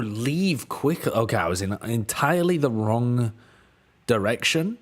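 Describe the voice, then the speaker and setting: A British man streams himself working through word puzzles, thinking aloud in an unhurried, drawn-out way. His pitch rises and falls a lot. He gets exasperated and swears when the answers annoy him. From United Kingdom. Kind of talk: casual chat while solving word puzzles.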